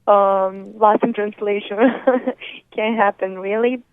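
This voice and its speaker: A woman's voice: mid-range voice, steady tone, slow, clean tone, no room sound. Giggly woman on a tinny phone line. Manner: giggly, with frequent ums and laughs. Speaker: radio guest, online dating expert. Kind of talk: phone-in interview.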